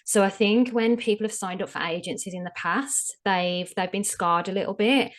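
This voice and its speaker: A woman's voice: mid-range voice, moderate pace. A woman explaining her field as a podcast guest in a frank, conversational way, stressing her key tips. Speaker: SEO strategist, podcast guest. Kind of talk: casual interview chat.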